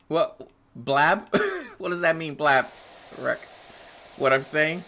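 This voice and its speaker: A man's voice: takes it slowly, long pauses. A man in his thirties chatting casually on a live game stream, rambling, laughing often, answering chat. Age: 30s. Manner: animated, jumps in pitch when excited. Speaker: livestreamer playing a game.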